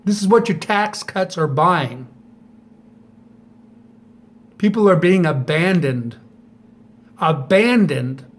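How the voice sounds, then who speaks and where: A middle-aged man talking straight to camera in a bitter, profane monologue, firing off sharp rhetorical questions. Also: high-pitched, expressive, takes it slowly. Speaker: vlogger.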